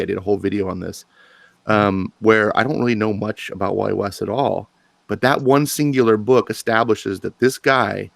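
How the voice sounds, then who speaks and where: A man on a comics discussion panel, arguing his view with animated emphasis and frequent restarts. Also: fairly low pitch, creaky, no room sound. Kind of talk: passionate live panel debate.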